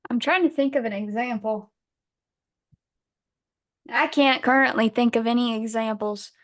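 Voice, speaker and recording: A young woman co-hosting a podcast, ranting in a blunt, profane, animated casual chat. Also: fairly high pitch, a little slow, no echo, clean studio sound. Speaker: podcast co-host.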